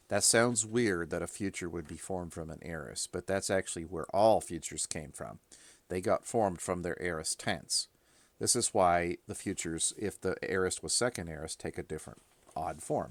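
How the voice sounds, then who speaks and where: A man's voice: deep voice, dry recording. A man teaching a recorded grammar lesson, talking it through informally and thinking aloud as he goes. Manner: thinking aloud, informal, with fillers and self-corrections. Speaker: Greek teacher.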